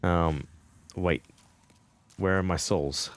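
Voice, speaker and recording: A low, very slow male voice belongs to an Australian man streaming a game. He chats casually with his viewers, rambling along, laughing a lot and swearing freely.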